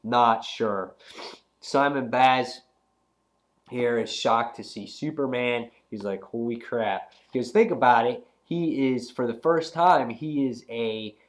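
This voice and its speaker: A young man with a cold, reviewing a comic book in a rambling, slangy, excitable way. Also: medium pitch, slow. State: has a cold. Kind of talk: casual video review.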